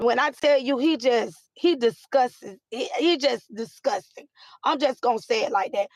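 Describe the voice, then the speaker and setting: A woman hosting a casual live chat with viewers, animated and repetitive, with many fillers. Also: fairly high pitch, moderate pace, no room sound. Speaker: live stream host.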